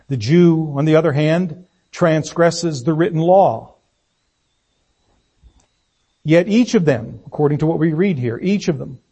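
A man preaching a sermon, reading scripture and praying in a deliberate, emphatic way. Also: mid-range voice, warm tone. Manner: slow, deliberate, emphatic delivery.

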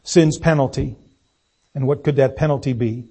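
A man preaching a sermon, reading scripture and praying in a deliberate, emphatic way. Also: medium pitch, fairly even intonation, warm tone, husky. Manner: slow, deliberate, emphatic delivery.

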